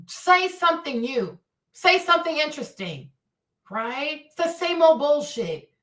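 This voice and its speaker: A woman's voice: high-pitched, sharp tone, far from the mic. A woman hosting a live stream, answering chat in a profane, taunting, repetitive rant. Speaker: livestream host. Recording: echoey room, away from mic.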